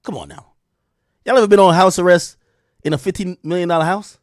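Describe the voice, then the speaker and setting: A man hosting a live stream, telling a story in a profane, excitable way that swings from loud outbursts to low mutters. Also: brisk, dry recording, clean studio sound. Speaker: streamer host.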